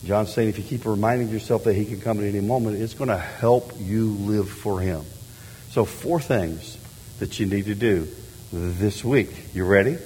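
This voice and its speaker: A middle-aged man, a pastor preaching a sermon in a church, talking with an animated delivery that swings from quiet to loud, emphatic lines. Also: fairly low pitch, normal speed, a little hiss or hum. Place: church sanctuary. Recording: long hall reverb.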